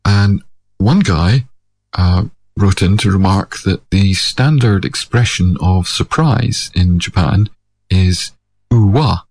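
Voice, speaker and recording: A man musing in a measured, digressive monologue. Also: low-pitched, a little mellow. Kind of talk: reflective monologue.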